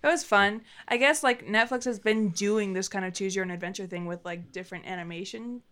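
A woman's voice: mid-range voice, fairly quick. A woman in casual group chat, acting out little quoted voices as she talks. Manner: animated, acts out quotes in voices. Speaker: podcast co-host.

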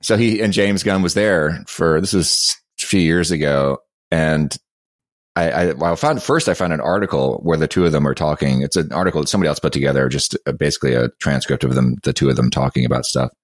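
A man's voice: a bass voice, a little fast, dry recording, studio quality. A man co-hosting a podcast, rambling casually about comics and laughing often. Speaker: podcast co-host.

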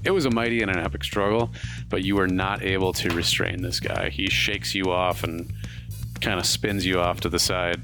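Deep-voiced man narrating a tabletop game. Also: little pitch movement, moderate pace, over music. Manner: vivid, playful combat narration with crude jokes. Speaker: game master.

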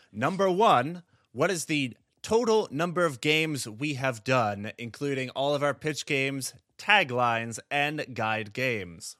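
Bright-voiced young man hosting a quiz. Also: medium pitch, dry recording, studio quality. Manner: upbeat, announcing scores with chuckles. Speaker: podcast host running a quiz. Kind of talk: casual podcast quiz hosting.

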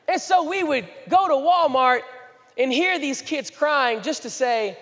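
A man's voice: extremely high pitch, measured pace, big-room sound. A young man, preaching a sermon as a pastor, moving between jokes and earnest pleading. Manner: animated, joking then earnest and pleading.

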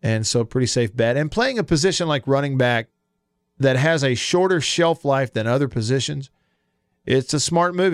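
Male radio host, relaxed and conversational, close dry studio mic. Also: medium pitch, clean tone, dry recording. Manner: relaxed, chatty, laughs easily. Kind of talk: casual sports talk radio. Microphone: studio microphone.

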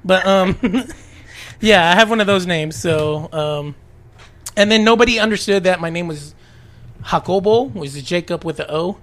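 A man co-hosting a casual podcast, rambling and animated with plenty of fillers. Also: high-pitched, moderate pace. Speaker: podcast co-host.

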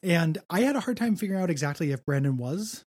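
A man's voice: fairly high pitch, lively intonation, quick pace, a little mellow, no echo, studio quality. A man co-hosting a podcast, recapping a film in casual chat, joking and laughing often. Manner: laughing, joking, acts out quotes. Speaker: podcast co-host.

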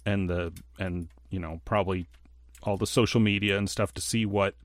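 A man co-hosting a casual podcast, telling stories in a rambling, animated way with lots of fillers. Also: low voice, moderate pace, no echo, clean studio sound. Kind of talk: casual chat.

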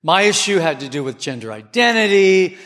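A man preaching a sermon with passion, his voice climbing to near shouts at times. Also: high voice, big pitch swings, brisk. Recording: long hall reverb.

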